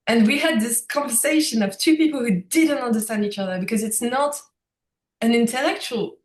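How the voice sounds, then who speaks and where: A woman's voice: fairly high pitch, brisk. Woman with a roomy echo. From France. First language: French. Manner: animated, reflective, laughs often. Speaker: guest. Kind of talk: casual conversational storytelling.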